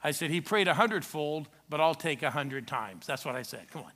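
A man's voice: on the high side, animated, fast, few pauses, pushed and bright. A middle-aged man preaching a sermon, telling a story and joking with the congregation. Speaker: pastor. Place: church sanctuary.

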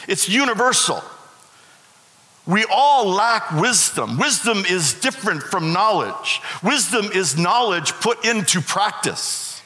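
A man's voice: sits high, big pitch swings, takes it slowly, bright, forceful tone. A middle-aged man preaching a sermon as pastor, emphatic and repeating his key phrases. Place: church sanctuary. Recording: echoey hall with long reverb.

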